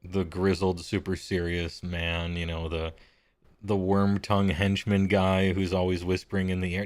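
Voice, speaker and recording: A man with a deep voice, the game master chatting casually before a streamed tabletop session, rambling and self-deprecating. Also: level tone, normal speed, clean tone.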